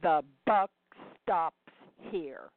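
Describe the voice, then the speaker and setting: A woman's voice: fairly low pitch, very slow, dry recording. A woman voicing a bitter, furious older woman from Brooklyn, who speaks bluntly and profanely. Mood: defiant. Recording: dry, tinny phone-like sound.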